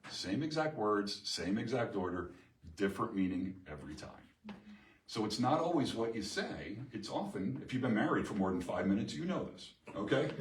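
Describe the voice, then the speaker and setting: A middle-aged man presents a live seminar to an audience in a meeting room, lively and emphatic, often asking the room questions. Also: lowish voice, moderate pace, a little hiss or hum. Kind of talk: live workshop talk to an audience. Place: chamber of commerce meeting room. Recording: echoey room from far off.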